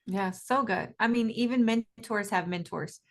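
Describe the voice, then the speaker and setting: A woman's voice: mid-range voice, unhurried. A woman guest coach speaking energetically in an interview, emphatic and often laughing. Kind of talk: enthusiastic interview talk.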